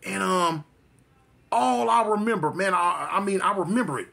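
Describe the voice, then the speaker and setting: With a high-pitched, bright and forceful voice touched by vocal fry, a man casually recounts his life story at normal speed. He tells it vividly, repeating phrases and imitating gunshots as he goes.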